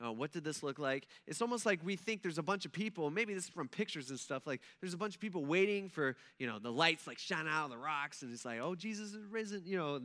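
A man's voice: a little high, lively intonation, quick pace, few pauses, sharp tone. A male pastor preaching a casual, conversational sermon who acts out the scenes he describes.

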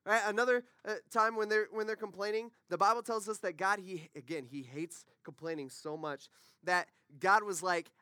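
A man's voice: high-pitched, moderate pace, sharp tone, clear, resonant tone, no echo, clean studio sound. A man preaching a conversational sermon, full of rhetorical questions and asides to the congregation.

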